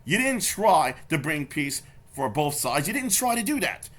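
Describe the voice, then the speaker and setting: A man's voice: fairly high pitch, big pitch swings, normal speed, a bit bright. A man doing angry reaction commentary, confrontational and swearing, repeating his points over and over. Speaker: YouTube commentator.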